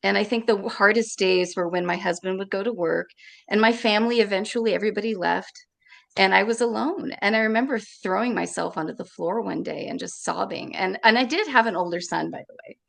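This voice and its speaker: A woman being interviewed, telling a painful personal story in an emotional, halting way and repeating her words. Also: mid-range voice, vocal fry. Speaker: interview guest.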